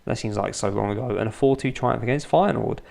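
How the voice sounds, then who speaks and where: Gravelly man commentating a game quietly. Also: medium pitch, fast. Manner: restrained, kept quiet so as not to wake his children; dry, self-mocking humour. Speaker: gaming YouTuber. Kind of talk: Let's Play commentary. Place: home at night.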